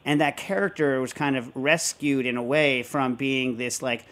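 A man hosting a casual talk show, rambling and animated, often breaking into show tunes. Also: medium pitch, moderate pace. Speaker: host. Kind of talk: casual chat.

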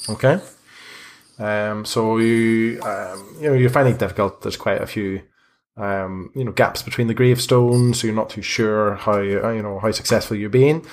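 A man narrating as game master of a tabletop game, relaxed and full of hesitant fillers. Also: on the low side, normal speed.

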